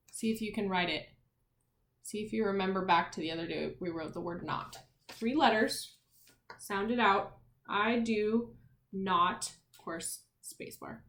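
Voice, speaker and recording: A woman teacher talks young children through a spelling lesson, spelling out every letter and sound. She speaks slowly and clearly at a medium pitch and keeps asking the class questions. The room around her has a noticeable echo. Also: a bit bright. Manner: encouraging, asks questions to the class.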